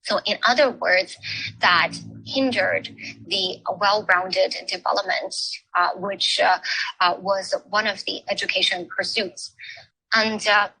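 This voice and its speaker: A woman lectures at an education forum in an unhurried, measured way. Her voice is bright and crisp. She stops often on fillers as she picks her next words. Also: mid-range voice, steady tone, poor audio. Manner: halting, with frequent filler pauses. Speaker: forum speaker. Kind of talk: academic talk on education history.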